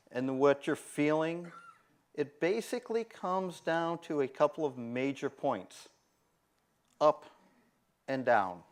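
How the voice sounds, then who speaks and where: A man speaks to a room at a conference, his voice sitting a little higher than most men's. He talks in an animated way and slips into the voices of the people he describes. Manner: animated, acts out quoted voices. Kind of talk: conference talk.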